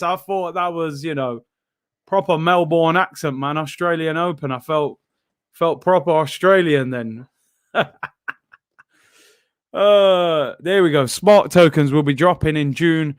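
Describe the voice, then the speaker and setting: A man's voice: on the high side, measured pace, clear, resonant tone, no room sound, clean studio sound. A man hosting a live football watchalong, chatting casually in slang and reading out chat messages.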